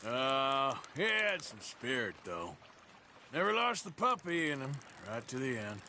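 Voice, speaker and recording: An actor playing a gruff, weary outlaw with a dry, sardonic, clipped way of talking in a video game. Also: male voice, medium pitch, very animated, measured pace, bright, forceful tone, a little hiss or hum, exaggerated voice.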